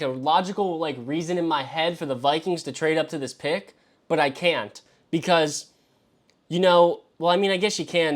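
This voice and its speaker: A man hosting a live stream as he works through a mock draft, talking to himself and swearing freely. He swings between exasperated yelps and low mutters. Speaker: fantasy football show host. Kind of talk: live-streamed solo commentary.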